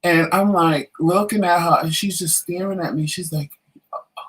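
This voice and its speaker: The audio is poor as a man with a high voice, talking at a moderate pace, tells a story on the casual talk show he co-hosts. He brings it to life by acting out what the people in it said.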